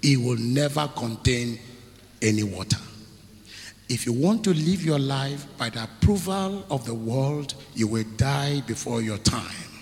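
A man's voice: medium pitch, expressive, measured pace, darkish tone, soft background music. A man preaching a sermon as a pastor, emphatic, asking rhetorical questions and repeating phrases. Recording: echoey hall with long reverb.

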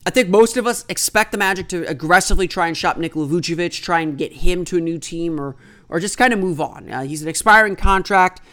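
A basketball analyst talking alone to the audience at a middling pitch. The delivery is explanatory and conversational, thinking aloud through trade scenarios and landing firmly on each opinion. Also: fast, a bit bright. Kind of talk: solo sports commentary.

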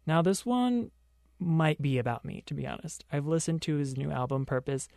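A man's voice: on the high side, normal speed, gravelly, darkish tone, no echo, studio quality. A young man hosting a pop culture podcast on his own, delivering sarcastic commentary full of joking asides. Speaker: podcast host.

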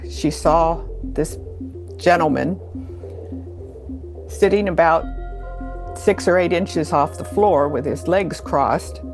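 Middle-aged woman, low voice, measured interview storyteller, faint music underneath. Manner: measured, slows down at key moments. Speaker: interviewee recalling her childhood home.

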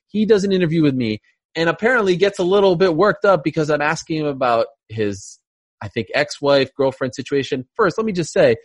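A man's voice: on the high side, breathy edge, no room sound. A man hosting a casual sports talk show, getting worked up as he tells stories and reading sponsor spots with mock seriousness. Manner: animated, gets worked up, reads ads with mock gravity. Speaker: podcast host. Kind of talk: casual sports chat with ad read.

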